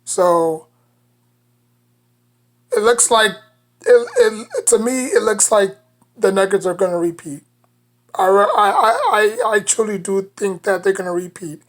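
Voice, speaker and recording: A woman's voice: medium pitch, big pitch swings, a little slow, long pauses. Woman, New York accent, sports vlogger, casual commentary, rambling, filler-heavy. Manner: rambling, leans heavily on "you know". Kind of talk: casual basketball commentary to camera.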